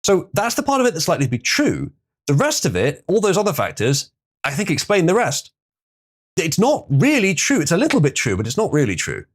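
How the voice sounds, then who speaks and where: Chatty man, lively pitch. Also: a little fast. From Britain. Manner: rambling, opinionated, thinks aloud with frequent ums. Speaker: live stream host. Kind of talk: casual live stream chat reading viewer comments.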